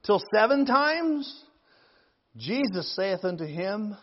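A man preaching a sermon, reading scripture slowly and rising to loud, emphatic appeals to the congregation. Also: high-pitched, lively intonation, big-room sound, lo-fi sound.

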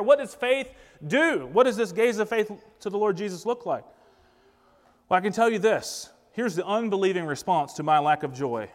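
High-voiced preacher in a reverberant hall. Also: male voice. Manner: emphatic, poses rhetorical questions to the congregation. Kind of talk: sermon. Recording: long reverb of a large hall.

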